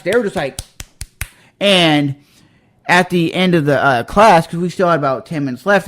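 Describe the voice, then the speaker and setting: A young adult man hosting a podcast, telling a story in a casual, heated and emphatic way, acting out the quotes. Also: fairly high pitch. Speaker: podcast host.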